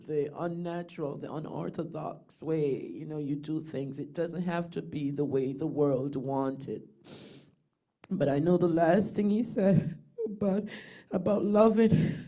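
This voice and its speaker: Woman, middle-aged, slow-paced, mellow, tender rambling eulogy, video call. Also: medium pitch. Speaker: bereaved sister giving a eulogy. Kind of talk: emotional eulogy remarks.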